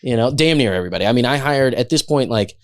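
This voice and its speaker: A man, a guest chef on a podcast, telling his stories in a casual, animated way. His voice sits at an ordinary middle pitch, and he slips into the voices of the people he describes. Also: fast. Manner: animated, acts out quoted voices.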